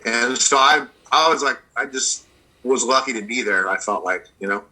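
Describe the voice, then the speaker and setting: Man from the States, bright and forceful timbre, rambling relaxed storyteller, video-call interview guest. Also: medium pitch, moderate pace, poor audio. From United States. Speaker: blues guitarist guest.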